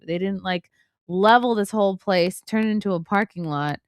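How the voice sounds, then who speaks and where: A woman hosting a live podcast, reacting to a roller coaster video with dramatic, animated commentary and silly voices for her own thoughts. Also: mid-range voice, brisk. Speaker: podcast host.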